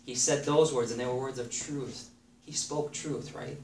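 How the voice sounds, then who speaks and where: A man's voice: medium pitch, fairly even intonation, moderate pace. A man preaching a sermon in an earnest way, repeating phrases for emphasis and reading scripture aloud. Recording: echoey room, voice somewhat far from the mic, faint background noise.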